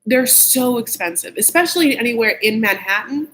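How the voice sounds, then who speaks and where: A man's voice: animated, moderate pace, sharp tone, slight background noise, low-quality recording. A man hosting a casual, gossipy recap of a TV show, blunt and opinionated, saying "like" constantly. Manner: catty, blunt and opinionated, heavy use of "like"; shifts pitch often when worked up.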